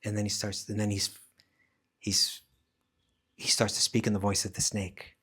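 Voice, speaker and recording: A man's voice: fairly low pitch, moderate pace, breathy edge. A man, a spiritual teacher, leading a scripture class, telling a story casually and animatedly. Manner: animated, casual, acts out voices. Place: class at a rural eco village.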